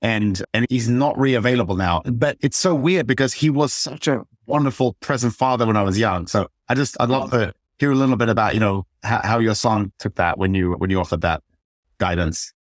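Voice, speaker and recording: A man hosting a podcast, asking a guest a question in a thoughtful, halting way. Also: fairly low pitch, no room sound, studio quality. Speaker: podcast host. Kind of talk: interview question.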